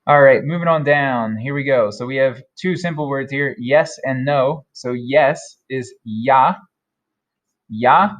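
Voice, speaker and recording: A man teaching German vocabulary, repeating each word slowly and carefully. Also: mid-range voice, highs cut off. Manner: slow, careful modeling of German words. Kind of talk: vocabulary lesson.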